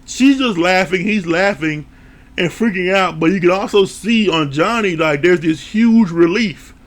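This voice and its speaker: A man giving a casual recap of a TV show, animated and laughing often, with casual swearing. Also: sits high, a little slow. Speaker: TV show reviewer.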